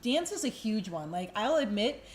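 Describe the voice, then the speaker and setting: Casual cohost woman, candid, mid pitch, swears a bit, chill podcast talk. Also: very animated, moderate pace. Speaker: podcast co-host.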